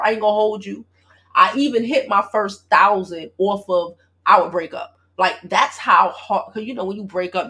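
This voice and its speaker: A woman in her forties with a gravelly, fry-edged voice at a middle pitch. She chats on a live stream and tells her story to her viewers in an animated, profane, straight-talking way. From Brooklyn, New York. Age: 40s. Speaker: gossip vlogger and love coach.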